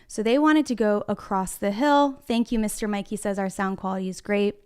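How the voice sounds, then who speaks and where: A kindergarten teacher gives a reading lesson from her classroom, speaking encouragingly and directly to the young children. Her mid-range voice is steady, a little fast, a little mellow, and clear with a resonant tone.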